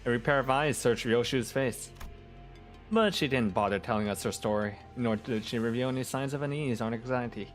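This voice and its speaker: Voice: mid-range voice, brisk, soft background music. Streamer reading game narration. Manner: casual, cursing.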